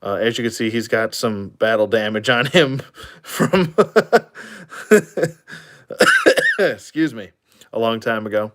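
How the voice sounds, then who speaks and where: A man with a somewhat low voice talks through a casual toy review. He rambles loosely, filling pauses and chuckling along the way. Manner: rambling, many fillers and chuckles.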